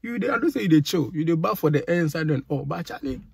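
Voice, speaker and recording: A man's voice: fairly high pitch, animated, fast talker, vocal fry, slightly rough. A Ghanaian man giving exasperated, indignant commentary as a vlogger, slipping between English and Pidgin. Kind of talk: ranting commentary.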